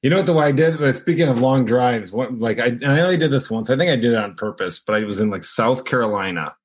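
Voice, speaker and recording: A man guesting on a comedy podcast tells loose, rambling stories in a casual way. He keeps poking fun at himself. His voice is mid-pitched and unremarkable. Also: lively intonation, quick pace, breathy edge. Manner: rambling, self-deprecating storyteller. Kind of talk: casual chat, storytelling.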